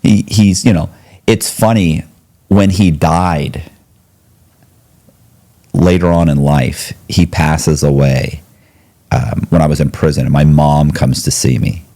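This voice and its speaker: A man's voice: extremely low pitch, slow pace, pauses often. A middle-aged man telling a long personal story as a podcast guest, acting out the voices of the people he quotes. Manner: animated storyteller who acts out quoted voices.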